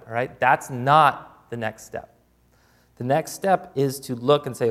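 A man preaching a conversational sermon, informal and full of restarts, who acts out quoted prayers with a voice that drops soft and low. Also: unhurried. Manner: plain, informal, with repeated restarts.

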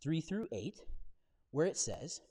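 A male pastor delivers a conversational sermon, telling the story with jokes and slang. His voice sits high and swings widely in pitch. The sound carries the long reverb of a church sanctuary. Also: sing-song, takes it slowly, mellow, slightly rough. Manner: casual, jokey storytelling with slang.

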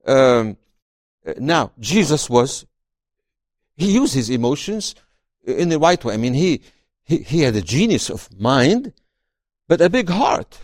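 A man, an author and guest, talking about his book in an interview and reading passages aloud, expressive and often repeating words as he starts sentences. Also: medium pitch, slow pace, long pauses, no echo, studio quality.

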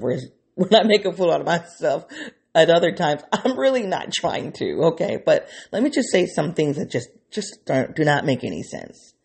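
A man's voice: fairly high pitch, creaky, darkish tone, slightly rough. A man talking to his viewers in an unscripted reflective monologue, rambling and restarting his thoughts, openly emotional. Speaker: vlogger speaking to his viewers.

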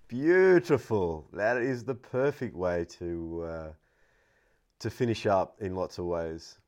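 A man hosting a podcast interview, speaking in a halting, heartfelt way. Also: deep voice, animated, a little mellow. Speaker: podcast host. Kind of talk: casual interview.

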